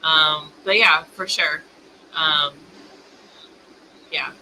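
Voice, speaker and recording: A woman in a casual group chat, hesitant and filling pauses with ums. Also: low-pitched, fairly even intonation, sharp tone, a little hiss or hum, poor audio. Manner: hesitant, many fillers. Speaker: panelist.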